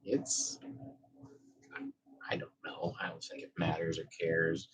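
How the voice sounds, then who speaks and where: A man's voice: very deep voice, flat delivery, slow pace, a bit bright, slight background noise, poor audio. A man on a casual live stream, reading viewer messages aloud and talking to his cat in a loose, profane way. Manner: chats to his cat between comments.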